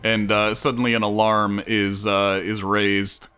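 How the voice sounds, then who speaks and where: Bright-voiced male game master. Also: on the low side, little pitch movement, clean tone, soft background music. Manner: halting, many fillers and restarts. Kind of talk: narrating a tabletop game. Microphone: headphones headset.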